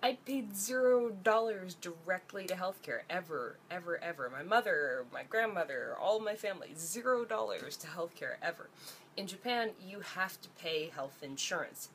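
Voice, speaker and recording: A woman's voice: mid-range voice, lively intonation, moderate pace, fairly bright tone, a little hiss or hum. A young woman from Ontario, Canada, ranting to camera in a blunt, profane vlog, her voice climbing as she gets exasperated. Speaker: vlogger.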